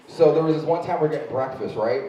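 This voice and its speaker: A man doing a stand-up set with animated storytelling and shouted kid voices. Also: on the high side, quick pace, a little hiss or hum. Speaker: stand-up comedian. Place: comedy club stage. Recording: echoey live room from far off.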